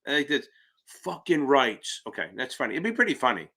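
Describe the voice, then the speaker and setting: A man's voice: medium pitch, sing-song, moderate pace, sharp tone, breathy edge. A man running a live-stream Q&A as an exam prep tutor, talking bluntly, rambling and swearing casually as he answers viewers.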